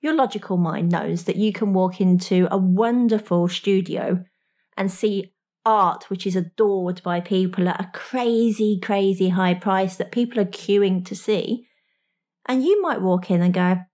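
A woman's voice: medium pitch, unhurried, a little mellow. A woman speaking directly to the listener in a motivational talk as a coach, frank and slangy, with small laughs.

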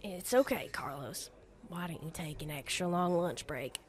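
Lively in intonation and moderate in pace, a lowish, raspy, gravelly voice brings to life a toothless old waitress at a diner. The older woman uses a Southern US accent, playing her as a blunt, sarcastic chain-smoker who sometimes mutters to herself.

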